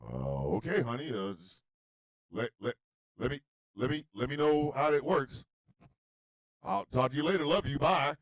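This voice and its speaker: Man playing a bewildered old grandpa, soft, halting, stammering, dry close mic. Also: medium pitch, lively intonation, no echo, voice pushed down, close to an everyday voice. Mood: flustered. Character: flustered older grandfather on the phone.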